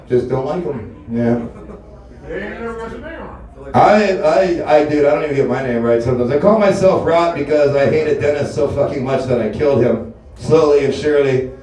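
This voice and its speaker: Profane rambling comic in an echoey bar. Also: male voice, on the high side, fairly quick, dark tone. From Alaska. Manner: loose, rambling, profane storytelling. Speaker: stand-up comedian. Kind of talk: stand-up comedy set. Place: bar open mic. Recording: echoey room, mic heard from a distance.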